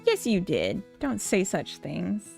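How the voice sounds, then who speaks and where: A woman's voice: mid-range voice, wildly swooping pitch, slow pace, gravelly, darkish tone, faint music behind. A Minnesotan woman chatting casually with viewers on a live stream, rambling and giggling often. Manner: giggly, rambling, full of fillers. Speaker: live-streaming game developer.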